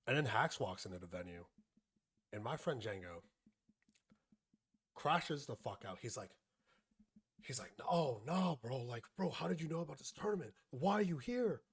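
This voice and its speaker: Profane young man telling a story. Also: medium pitch. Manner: profane, rambling, acts out friends' lines. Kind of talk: casual storytelling.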